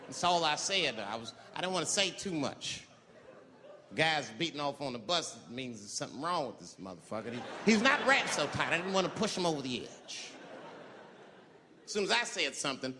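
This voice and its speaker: A man telling a stand-up story, animated and jumping into high shrieking voices for the people in it. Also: moderate pace. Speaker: stand-up comedian. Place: large hall with live audience. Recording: live hall recording with crowd. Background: audience laughter and crowd noise.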